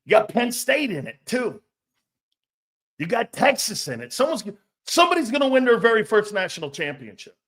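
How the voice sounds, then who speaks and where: A man's voice: high-pitched, sing-song, normal speed, fairly bright tone. A man hosting a sports talk show, rambling and joking with frequent laughs, blunt and a bit profane.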